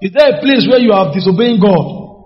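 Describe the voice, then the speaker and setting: A man's voice: high voice, animated, moderate pace, faint music behind. A man preaching a sermon emphatically, with repeated phrases and rhetorical questions. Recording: echoey hall, dull sound.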